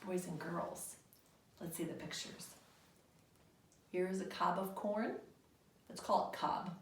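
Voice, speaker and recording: A woman's voice: lowish voice, slow pace, recorded from a distance, slight background noise. A woman teaching young children a remote lesson on the calendar and rebus words, in a patient, sing-song teacher voice with call-and-response. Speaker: kindergarten teacher. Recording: roomy home recording, voice somewhat off-mic.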